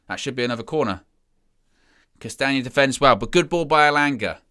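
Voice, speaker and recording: A young man giving excitable, chatty live commentary as a fan following a football match. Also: medium pitch, fairly quick. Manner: excitable, chatty play-by-play with asides.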